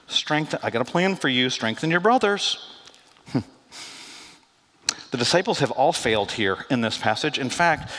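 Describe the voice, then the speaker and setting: A man preaching a sermon as pastor, conversational and animated, acting out quoted lines with asides. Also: mid-range voice. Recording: long hall reverb.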